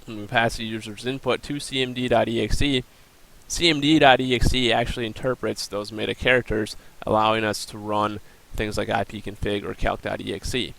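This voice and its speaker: Young male student presenter, lowish creaky voice, plain explanatory delivery for a recorded screen demo. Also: fairly even intonation, normal speed, fairly bright tone, low-quality recording. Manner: plain explanatory, walks through steps with um and uh.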